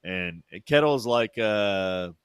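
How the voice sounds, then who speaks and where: A man's voice: lowish voice, animated, slow, clear, resonant tone, dry recording. Rambling, laughing man in a dry room. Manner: rambling, laughing storyteller with many fillers. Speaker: podcast co-host. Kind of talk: casual chat.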